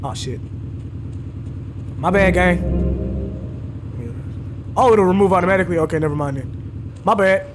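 A man streaming a game with casual commentary, bragging playfully and now and then shouting at game characters. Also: sits high, measured pace, long pauses, slight background noise. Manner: boastful, playful trash talk. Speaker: gaming streamer. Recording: loud game sound behind voice.

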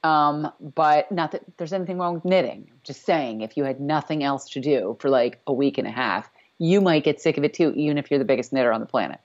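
A woman's voice: deep voice, fairly quick, few pauses, darkish tone. A woman co-hosting a casual recap chat over a video call, rambling with many fillers and restarts. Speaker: podcast co-host. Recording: dull lo-fi call audio.

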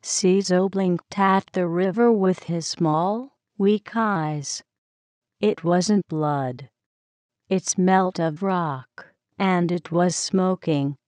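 Woman narrating a kids' storybook, very slow and smooth, dry close sound. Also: fairly low pitch, a little mellow, no echo. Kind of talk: children's story reading.

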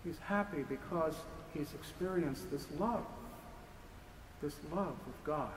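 A man, a priest giving a lecture sermon in a church, speaking with impassioned, repetitive rhetorical build-ups. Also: medium pitch. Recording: echoey church hall with faint noise.

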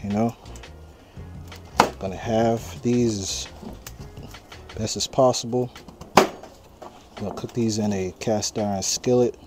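Laid-back man grilling outdoors. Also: lowish voice. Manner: laid-back, chatty, talks straight to viewers. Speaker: cooking channel host. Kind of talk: casual cooking vlog. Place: outdoors at a charcoal grill, windy. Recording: outdoor noise of wind and popping fire. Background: wind and crackling fire.

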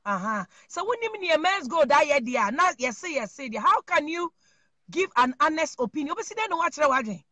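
A person from Ghana with a Ghanaian accent, giving animated commentary to viewers, emphatic and repetitive, mixing Twi and English. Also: sits high, normal speed, no echo. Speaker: online commentator.

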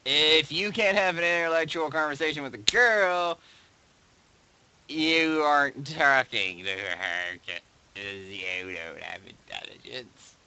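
A man casually reading and joking about viewer posts, laughing often and swinging between loud outbursts and mumbles, close to his desk mic. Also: a little high, takes it slowly, clear, resonant tone, no room sound, poor audio. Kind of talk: casual commentary. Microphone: desk mic right beside him.

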